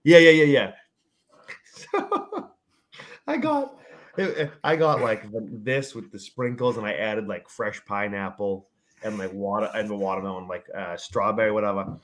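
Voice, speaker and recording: A young man, co-hosting a casual podcast and telling loud, swearing stories full of shouted quotes. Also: on the low side, unhurried. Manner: animated storyteller, swears, shouts when quoting his dad. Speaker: podcast co-host. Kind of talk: casual chat.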